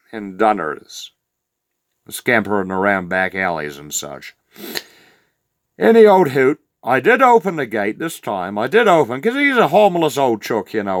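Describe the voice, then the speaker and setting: A man's voice: medium pitch, dry recording, clean studio sound. A man voicing a crude, rambling old rural farmer from New Zealand with a Southland accent, telling a comic yarn in a meandering drawl full of "uh" fillers. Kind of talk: comic character monologue.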